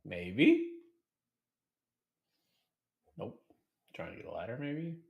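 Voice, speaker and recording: Sing-song, lively-voiced poker streamer man. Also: lowish voice, normal speed, creaky. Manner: sing-song, playful announcer asides. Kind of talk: casual live-stream commentary on online poker.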